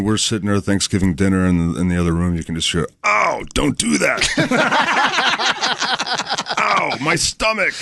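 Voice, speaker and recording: Low monotone man, laid-back talker. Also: slight background noise. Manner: laid-back, rambling storyteller. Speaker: radio show guest, pro wrestler. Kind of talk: casual chat. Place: radio studio.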